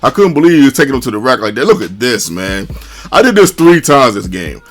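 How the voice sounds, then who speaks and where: A man casually narrating his own basketball video game match, chatty and excitable, peppering his talk with "man". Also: medium pitch, brisk. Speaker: gaming commentator.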